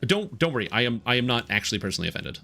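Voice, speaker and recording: A Canadian man with a general North American accent, chatting casually on a game stream and enunciating each word clearly. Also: mid-range voice, sing-song, rapid-fire, pushed and bright. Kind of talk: casual live-stream chat.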